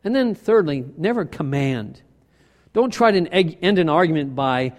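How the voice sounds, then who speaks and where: A man preaching a sermon as pastor, lively and self-deprecating, acting out quoted arguments between spouses. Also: fairly high pitch, moderate pace, in a large hall.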